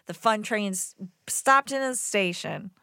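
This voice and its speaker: A woman co-hosts a podcast in a chatty, easygoing way, mostly agreeing with her partner. Her voice sits at an ordinary middle pitch. The recording is dry and close to the mic. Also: slow, pushed and bright, smooth, dry recording. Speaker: podcast co-host. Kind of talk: casual chat.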